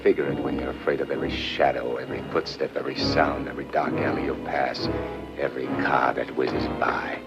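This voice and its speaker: A man's voice: very deep voice, little pitch movement, a little fast. An actor playing a tough male gangster in a 1940s film, talking in menacing street slang. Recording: muffled old film soundtrack with music.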